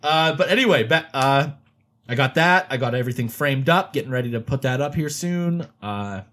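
A man co-hosting a casual podcast about horror movies, talking excitedly and laughing often. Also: medium pitch, moderate pace. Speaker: podcast co-host.

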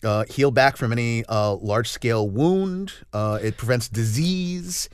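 A man's voice: mid-range voice, a little slow, a loud crowd. A man co-hosting a podcast, talking about comic characters, enthusiastic and rambling, with many restarts. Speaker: podcast co-host. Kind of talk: casual chat.

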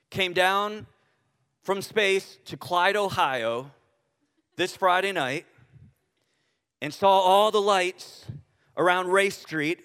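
A pastor with a fairly high voice delivers his sermon from the pulpit. He peppers it with rhetorical questions and restarts, and his words trail off in a long, reverberant sanctuary echo. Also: a bit bright. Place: church sanctuary. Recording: reverberant church hall.

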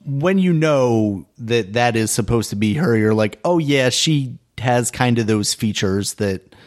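A man's voice: mid-range voice, expressive, unhurried. A man co-hosting a podcast, chatting casually and hedging his points with fillers. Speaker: podcast co-host. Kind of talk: casual chat.

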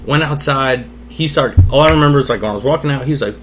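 A man's voice: mid-range voice, fast, hardly any pauses, a little hiss or hum. A young man, a podcast guest, telling a personal story in casual talk over drinks, candid and swearing freely. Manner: candid, swears freely, acts out quoted voices.

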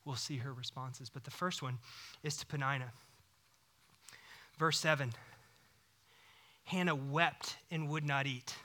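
A man in his thirties preaching a sermon, animated, swinging between loud bursts and hushed whispers. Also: sits high. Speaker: pastor.

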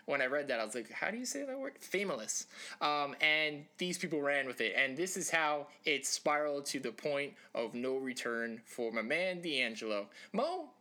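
A man's voice: a little high, bright, forceful tone. A man co-hosting a casual sports chat show, rambling with jokes and lots of fillers. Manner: rambling, joking asides, many fillers. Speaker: podcast co-host.

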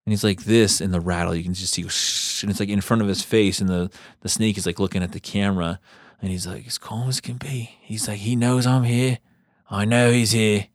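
A man's voice: sits low, steady tone, a little fast, dry recording, studio quality. A man co-hosting a podcast, talking casually and retelling stories with lots of "he's like" quotes. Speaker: podcast co-host. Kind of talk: casual chat.

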